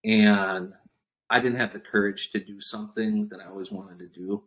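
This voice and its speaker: A man's voice: lowish voice, normal speed. A man, a podcast guest telling a business story and acting out what others said. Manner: animated storyteller acting out quotes. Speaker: guest entrepreneur. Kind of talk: storytelling interview chat.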